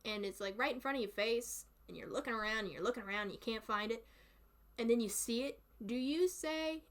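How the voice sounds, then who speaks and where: Woman, Southern US accent, casual stream chat, chatty, giggly, fairly high pitch. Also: brisk. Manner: chatty and giggly, laughs often.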